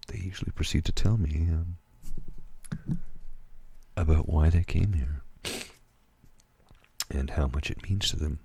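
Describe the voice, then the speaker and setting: A tired man from Canada, talking slowly and haltingly at home at night in a soft ASMR manner, with many fillers and restarts. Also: very deep voice, fairly even intonation, creaky, slight background noise. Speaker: ASMR channel host. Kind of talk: soft-spoken ASMR personal talk.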